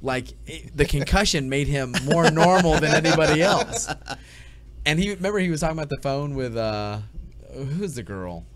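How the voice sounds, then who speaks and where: A man co-hosting a casual podcast chat, retelling scenes in an animated way and acting out the lines of the people he quotes. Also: a little high, normal speed, crowd noise. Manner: animated storyteller, acts out quoted lines in shifting voices. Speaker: podcast co-host.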